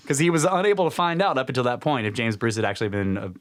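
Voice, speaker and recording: A man's voice: fast, few pauses. A man co-hosting a podcast, casually retelling a book's story with lots of fillers and acted-out quotes. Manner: animated retelling, acts out quotes with pitch jumps, laughs often. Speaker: podcast co-host retelling a book.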